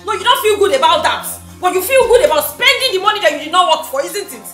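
A woman's voice: sits high, very animated, moderate pace, bright, forceful tone, roomy sound, soft background music, full character voice. A scornful rich girlfriend. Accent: Nigerian. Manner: mocking, scolding, sarcastic. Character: scornful rich young woman scolding her idle boyfriend.

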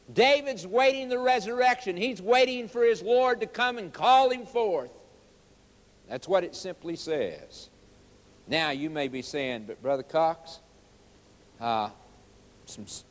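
An evangelist preaches a sermon in a high, lifted voice, pressing his points with emphatic questions and quoted scripture. A long reverb trails behind his words.

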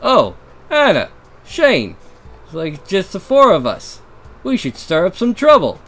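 A man voicing a brash, rowdy male student with a put-on New York accent, loud and mischievous. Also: high voice, wildly swooping pitch, measured pace, soft background music, voice pushed up, heavily acted.

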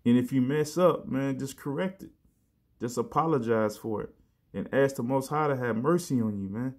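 Casual man preaching, middle pitch. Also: a little mellow. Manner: conversational, repeats "man" and "you know", restarts phrases; reads verses slowly with emphasis. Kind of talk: casual sermon with scripture reading.

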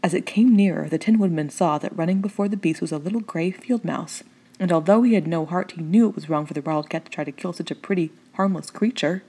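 A woman narrating a children's storybook as an audiobook reader, in a calm and measured way. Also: lowish voice, slightly rough.

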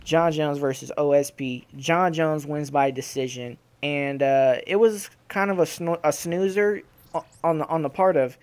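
A young man giving casual, profane reaction commentary on fights, animated and trash-talking. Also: on the high side, moderate pace, clear, resonant tone. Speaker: gaming channel host.

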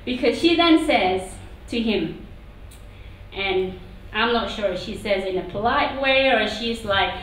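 A woman preacher giving a sermon in a church meeting room, talking in an animated, conversational way with asides. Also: on the high side, measured pace, slight background noise. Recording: echoey hall from far off.

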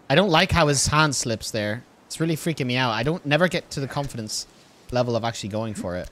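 A man's voice: mid-range voice, lively intonation, quick pace, a bit bright. A man giving casual let's-play commentary, exasperated and swearing as he pleads with his game character. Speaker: gaming video host.

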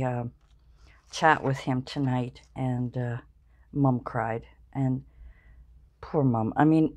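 Slow-talking woman in her sixties, low voice. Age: 60s. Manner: slow, chatty and warmly effusive, musing aloud while opening gifts. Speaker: craft channel vlogger. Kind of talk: casual unboxing chat.

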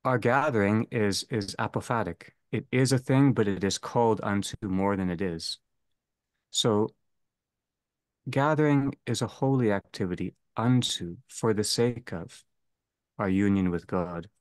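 A man leading a theology seminar, speaking slowly and deliberately and restating each phrase. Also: lowish voice, no room sound. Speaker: seminar leader. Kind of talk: theology lecture.

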